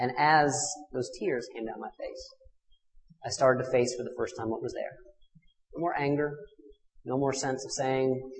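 A man's voice: mid-range voice, steady tone, normal speed. Man preaching a confessional sermon, long hall reverb. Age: 30s. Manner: intimate confessional storytelling with dramatic swells and hushed drops. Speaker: minister.

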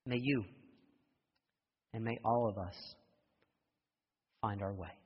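A male pastor preaching in a husky voice, his words ringing through a long hall reverb. He builds a story with growing intensity and sinks into a hushed, prayerful tone. The sound is dull and muffled, like a sanctuary recording. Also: fairly low pitch, steady tone, slow. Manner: storytelling with rising intensity and soft prayerful close. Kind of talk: sermon. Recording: dull echoey hall from far off.

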